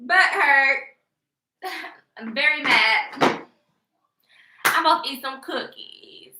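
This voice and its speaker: Sassy high-voiced young woman, echoey room. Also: slow pace, background noise. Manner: sassy, laughing, mocking. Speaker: vlogger. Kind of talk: casual livestream rant.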